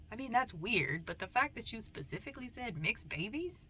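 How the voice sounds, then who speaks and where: Playful rambling young woman, bright voice. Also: on the high side, big pitch swings, moderate pace, slight background noise. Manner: rambling, playful, swings into whispers. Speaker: vlogger. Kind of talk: casual chat.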